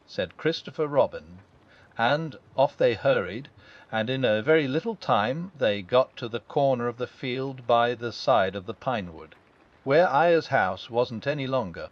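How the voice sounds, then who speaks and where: A man narrating a classic children's story as a calm, gentle, unhurried bedtime audiobook. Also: medium pitch, lo-fi sound.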